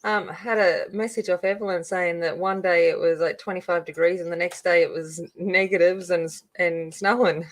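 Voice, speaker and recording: A woman's voice: lowish voice, fairly even intonation, moderate pace, hardly any pauses, poor audio. A middle-aged Australian woman hosting a live coloring stream, chatting casually and greeting viewers by name as she rambles through asides. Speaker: coloring channel host.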